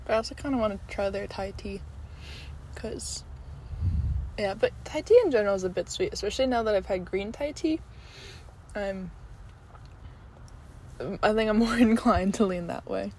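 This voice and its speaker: A woman's voice: mid-range voice, moderate pace, long pauses, darkish tone, slight background noise, low-quality recording. A young woman giving a casual, rambling food review while eating, chatty and giggly with many ums. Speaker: vlogger.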